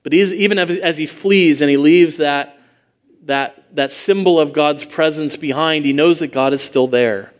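A man's voice: a little high, normal speed. A man preaching an expository sermon, earnest, asking rhetorical questions and reading scripture aloud.

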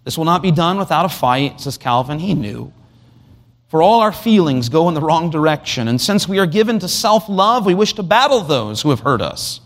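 A man's voice: on the high side, expressive, moderate pace, a bit bright. A man preaching an expository sermon, asking rhetorical questions and reading scripture aloud. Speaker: pastor.

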